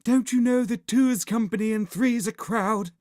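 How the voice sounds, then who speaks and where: A woman's voice: on the high side, normal speed, a little mellow, no room sound, clean studio sound, pitched above the performer's own voice, natural voice. A woman voicing a snooty, sneering vampire from a silly monster film in a storybook reading, hissing and haughty.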